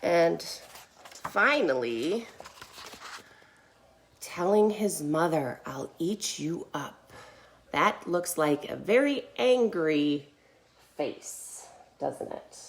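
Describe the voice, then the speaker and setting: An animated woman leads a kids' yoga class, her voice swooping high and low as she reads a storybook and coaxes children through poses. She speaks slowly and clearly, bright in pitch and playful in manner. The sound has the echo of a room, heard from a camera set a little way off. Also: distant mic, slight background noise. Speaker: kids yoga teacher. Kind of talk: reading a picture book and guiding kids' yoga. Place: indoor room, filmed while doing poses. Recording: echoey room.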